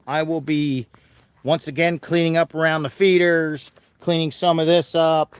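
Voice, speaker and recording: Male farm vlogger, casual and chatty, slightly higher voice, outdoors with animals nearby. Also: little pitch movement, moderate pace, clean tone, no echo. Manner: chatty, talks softly to animals.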